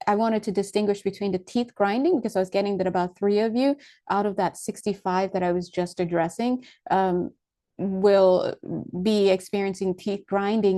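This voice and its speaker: A woman's voice: mid-range voice, mellow. A woman giving a casual spiritual talk to her viewers. She rambles, loses her thread and starts over, and laughs often between phrases. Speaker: spiritual teacher.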